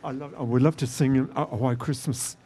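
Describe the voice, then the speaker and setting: A man's voice: mid-range voice, steady tone, a little fast, background noise. A man with a Dublin accent, a member of the public chatting on live radio in a friendly, chuckling way. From Dublin, Ireland. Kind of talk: casual chat on live radio. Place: busy city street outdoors. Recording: outdoor broadcast with crowd behind. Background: crowd.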